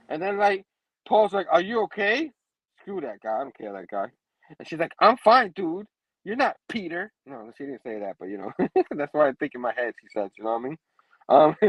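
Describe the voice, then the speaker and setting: High-voiced, chuckling male show host. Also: dry recording, lo-fi sound. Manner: laughs often, keeps saying "you know what I mean". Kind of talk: casual comic book review chat.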